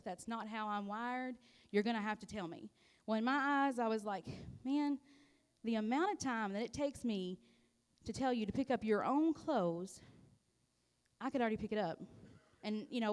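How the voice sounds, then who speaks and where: Woman, church testimony, halting and heartfelt, slightly high voice, long church-hall reverb. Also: clear, resonant tone. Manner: halting and heartfelt, with frequent pauses and restarts. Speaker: church member giving a testimony. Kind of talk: personal testimony to a congregation. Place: church sanctuary.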